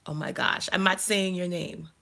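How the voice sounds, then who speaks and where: A woman's voice: lowish voice, steady tone, moderate pace, creaky, bright, forceful tone. A woman hosting a casual live stream, chatting and thinking aloud while she fumbles through her channel settings. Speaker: life coach and channel host.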